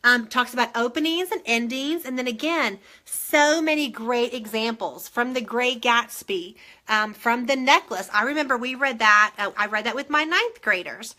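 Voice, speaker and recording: A woman's voice: on the high side, normal speed, few pauses. A middle-aged woman, a former English teacher gushing over books in a casual show-and-tell, full of ums. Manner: gushing, excitable, many ums.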